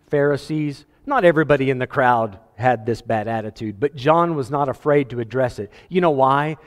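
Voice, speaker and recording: A man preaching a sermon as pastor, animated, quoting scripture and acting out voices with a chuckle now and then. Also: fairly high pitch, long reverb tail. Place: church sanctuary.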